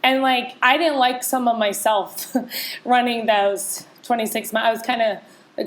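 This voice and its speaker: A woman's voice: on the high side, steady tone, a little slow. A woman co-hosts a podcast in loose, candid chat. She talks openly and with feeling, circling back and restarting her sentences as she goes. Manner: candid, emotional, chatty with many restarts. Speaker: podcast co-host. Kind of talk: casual chat.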